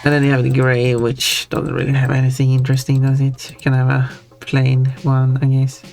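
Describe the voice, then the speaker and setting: A woman's voice: very deep voice, normal speed, gravelly. A woman streaming a game, chatting casually and laughing now and then as she browses options. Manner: relaxed, chatty, laughs often. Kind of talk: casual gameplay commentary. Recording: game music playing behind.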